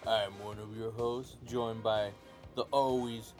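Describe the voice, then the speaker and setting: A man's voice: lowish voice, little pitch movement, a little slow, a little mellow, faint music behind. A man hosting a podcast in casual chat, rambling with lots of "like" and frequent laughter. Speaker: podcast host.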